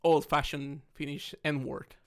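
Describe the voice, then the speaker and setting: A man's voice: a little high, slow pace, gravelly. A man from Mexico with a Mexican accent, co-hosting a casual podcast chat over drinks and acting out the people in his stories. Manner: animated storytelling, acting out quoted people. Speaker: podcast co-host.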